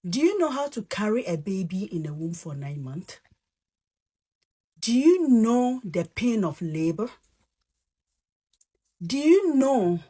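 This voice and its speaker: A woman's voice: mid-range voice, husky. A woman speaking as a parent in an impassioned, pleading appeal. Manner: pleading, deliberate.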